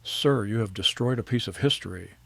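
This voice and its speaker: A formal, earnest French auction house chief, as a man puts him on. He speaks with a French accent in a very low, gravelly voice. His tone is courteous and excited. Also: normal speed, no echo. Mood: appalled.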